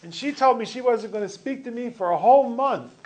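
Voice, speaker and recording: A man's voice: very high-pitched, lively intonation, brisk, a little mellow, voice pushed up. A man playing a sad husband in a bar joke, with a mournful, wry delivery. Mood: glum. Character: sad middle-aged husband telling his woes.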